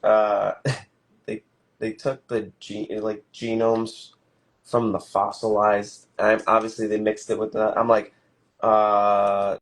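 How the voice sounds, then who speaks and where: A man's voice: fairly low pitch, level tone, slow pace. A man co-hosting a building livestream, chatting in a laid-back, jokey and agreeable way. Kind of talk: casual chat while building.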